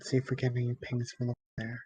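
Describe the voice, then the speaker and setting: A man casually weighs options while playing a tabletop game. His voice is average in pitch and sounds dry, with no room around it. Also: monotone, quick pace, dark tone, slightly rough, no room sound, poor audio. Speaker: player.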